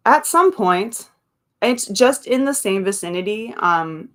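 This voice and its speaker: She takes it slowly, with a medium-pitched voice and lively intonation. As host of a casual live stream, she reads viewers' comments aloud, chats between them, laughs frequently and drifts into asides.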